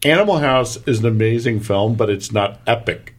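A man's voice: mid-range voice, animated, normal speed. A man in casual chat as a co-host, making dry, offhand remarks.

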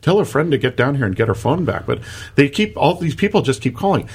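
A man voicing a fed-up, scheming female Irish bartender with a put-on Irish accent, high and gleeful. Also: sing-song, quick pace, a little mellow, slightly rough, heavily acted. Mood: irritated. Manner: high, laughing, gleeful mimicry.

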